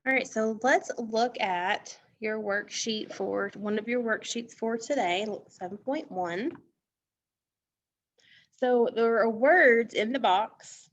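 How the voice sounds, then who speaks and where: A woman teacher leading a phonics lesson for young children, speaking slowly and deliberately, stretching out words and praising the class often. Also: a little high, dry recording. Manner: slow, deliberate, encouraging, stretches words for emphasis.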